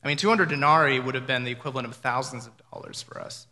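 A man's voice: mid-range voice, quick pace, bright, forceful tone. A man preaching a sermon in a conversational, reflective way, often acting out what people might have said. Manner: conversational, reflective, with imagined dialogue. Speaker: pastor. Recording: reverberant hall.

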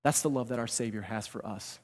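A man's voice: medium pitch, fairly quick. Man preaching in a reverberant hall. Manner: swings from loud emphatic bursts to hushed, soft delivery; repeats phrases for emphasis. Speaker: pastor. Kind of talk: sermon. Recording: long reverb of a large hall.

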